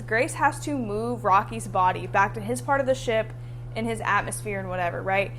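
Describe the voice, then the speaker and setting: A woman's voice: medium pitch, normal speed, a bit bright, slight background noise. A woman ranting about a book and its film in a casual vlog, emphatic and freely profane. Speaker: book reviewer. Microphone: camera mic.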